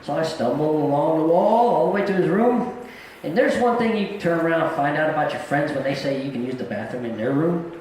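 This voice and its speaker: A man's voice: a little high, animated, a little fast, darkish tone, heavy reverb, a little hiss or hum, rough recording. A middle-aged man doing a live stand-up set on a comedy club stage, telling stories in a plain-spoken, folksy way.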